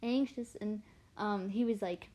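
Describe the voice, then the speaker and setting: A woman's voice: mid-range voice, measured pace. A young woman in her late teens, chatting casually while drawing on a livestream, rambling and self-deprecating as she tells stories. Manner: chatty and animated, voice swinging up and down. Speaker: artist livestreamer.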